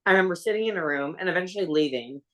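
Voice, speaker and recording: A woman's voice: fairly low pitch, animated, rapid-fire. A woman guest on a podcast telling a personal story in a rambling, casual way, full of "like" and fillers, swearing offhandedly.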